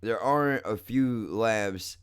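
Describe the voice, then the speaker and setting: A man's voice: lowish voice, takes it slowly, smooth. A young man doing an unscripted, profane and self-mocking comedic rant into a close desk microphone at home. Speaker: comedian vlogger. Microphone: close desk mic.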